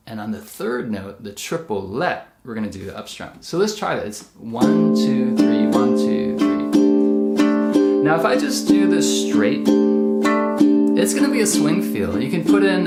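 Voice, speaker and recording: Man teaching ukulele in a roomy space. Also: mid-range voice. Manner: patient, explains step by step while playing. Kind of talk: instructional demonstration. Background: ukulele playing.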